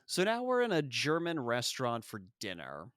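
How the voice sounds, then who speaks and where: A man's voice: mid-range voice, wildly swooping pitch, normal speed, a bit bright, no echo, studio quality. A man co-hosting a podcast, casually recapping a film scene by scene, profane and chuckling. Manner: retells scenes, quoting characters in mock voices, profane and laughing. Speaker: podcast co-host. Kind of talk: casual movie recap chat.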